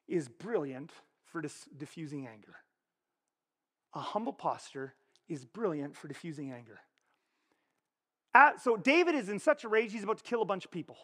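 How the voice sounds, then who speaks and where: A man preaching a sermon as pastor, animated and conversational, asking the congregation frequent rhetorical questions. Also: sits high. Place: church. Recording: long reverb of a church hall.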